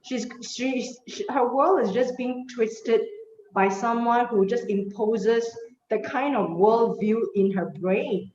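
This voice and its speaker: A woman's voice: on the high side, slow, darkish tone. A woman hosting an interview over a video call, speaking hesitantly with many fillers. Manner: hesitant, many ums and uhs. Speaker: talk show host. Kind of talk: hosted interview. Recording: dull roomy sound, faint noise.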